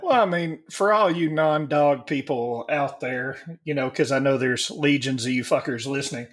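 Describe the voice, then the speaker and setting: A man in his forties, a podcast co-host, chatting casually in a joking, profane way, with halting restarts. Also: medium pitch. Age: 40s. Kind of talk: casual chat.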